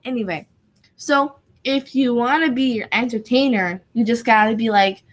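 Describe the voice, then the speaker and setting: A woman's voice: fairly high pitch, normal speed, low-quality recording. A woman co-hosting a tabletop gaming podcast, giggly and scattered, full of "like". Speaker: podcast co-host and convention game master. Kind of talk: casual chat.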